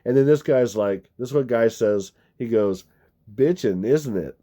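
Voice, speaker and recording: A man with a warm, dark voice talks over movie clips for his video channel, working through number codes. He meanders and repeats himself, often breaking off mid-word and starting again, at a middling pitch. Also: normal speed. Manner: meandering, repetitive, with frequent restarts. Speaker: video host.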